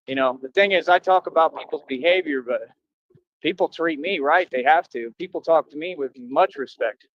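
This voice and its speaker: A man's voice: fairly high pitch, a bit bright, dull audio. A man livestreaming, talking to his viewers in a boastful, confrontational rambling monologue with slangy street talk.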